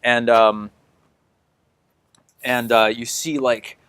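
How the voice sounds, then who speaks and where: A man's voice: medium pitch, flat delivery, very slow, fairly bright tone, smooth, no room sound. A man running a tabletop game as game master, describing the scene in a loose way full of fillers like "like" and "uh".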